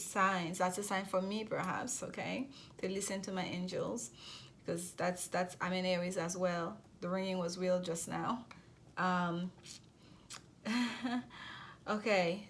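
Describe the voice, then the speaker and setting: A woman's voice: fairly low pitch, slight background noise. A woman with a noticeable accent giving an intuitive tarot reading to camera. She talks reassuringly, often restarts her phrases and checks in with her listeners. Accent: non-native accent. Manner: repetitive, reassuring, frequent restarts and check-in questions. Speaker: tarot reader.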